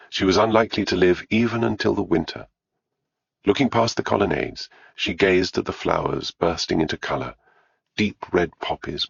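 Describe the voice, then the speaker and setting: A man narrating an audiobook in a measured, unhurried way. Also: deep voice, creaky, slightly rough, dry recording, dull audio.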